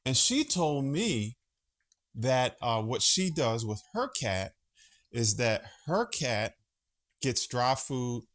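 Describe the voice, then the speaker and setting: A man's voice: mid-range voice, sing-song, takes it slowly, fairly bright tone. Guy rambling on his home vlog, swears casually, gets sidetracked, voice bouncing all over. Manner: rambling, chatty, profane, easily sidetracked. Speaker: vlogger host.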